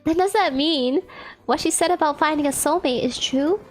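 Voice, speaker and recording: High-voiced playful woman streamer. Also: normal speed, soft background music. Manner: playful, giggly, jokes between read lines. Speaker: game streamer. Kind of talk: reading a visual novel aloud with playful commentary.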